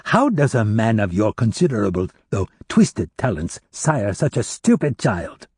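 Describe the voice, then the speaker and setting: A man's voice: lowish voice, sing-song, a little slow, darkish tone, husky, heavily acted. A man voicing a cruel, mocking militant leader who makes cold threats, in an audiobook reading. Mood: menacing. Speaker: captor.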